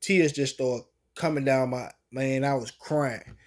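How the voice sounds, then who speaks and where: A man's voice: medium pitch, fairly even intonation, unhurried. A man telling a personal story in casual, slangy, colloquial speech.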